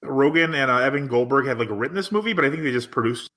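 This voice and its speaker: Fast-talking, bright-voiced man rambling through a plot. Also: medium pitch, animated. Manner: rambling, hesitant, many restarts. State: has the hiccups. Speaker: podcast co-host. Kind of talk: casual chat reviewing a movie.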